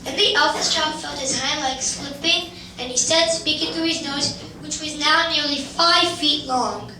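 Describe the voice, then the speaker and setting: An older woman narrating a children's tale in measured storybook style during an amateur stage musical. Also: high voice, sharp tone. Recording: echoey hall from far off, background noise.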